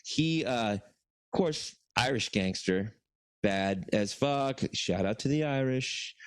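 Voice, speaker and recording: A man's voice: mid-range voice, expressive, takes it slowly, smooth, dry recording. A man co-hosting a podcast, telling a story casually in a rambling, profane way, full of fillers and restarts. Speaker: podcast co-host.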